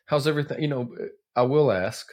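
A man's voice: mid-range voice, a little fast. Laid-back male podcast co-host. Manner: relaxed, brief friendly replies. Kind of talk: casual chat.

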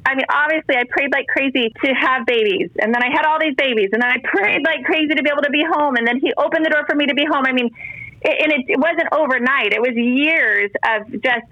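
A woman's voice: sits high, fast, pushed and bright, dry recording, lo-fi sound. A woman in her forties, a guest and mother of ten, talking earnestly about faith and motherhood with many restarts. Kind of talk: casual faith interview talk.

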